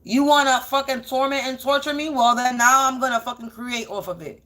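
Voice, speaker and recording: A woman's voice: high-pitched, steady tone, a little fast, a bit bright. A woman doing a casual spiritual reading, blunt and profane, repeating phrases for emphasis. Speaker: spiritual energy reader.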